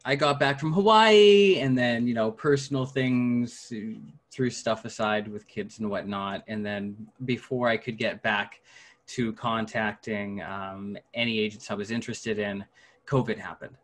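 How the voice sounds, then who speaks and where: Male actor student, low voice, chatty and animated, on a video call. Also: unhurried, a little hiss or hum. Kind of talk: asking a question on a video call.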